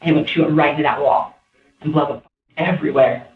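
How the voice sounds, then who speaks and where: Woman, low voice, rambling animated account to police, tinny phone-like sound, echoey room. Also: fast. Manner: rambling, animated, many fillers. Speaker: interviewee. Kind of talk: recounting events to police.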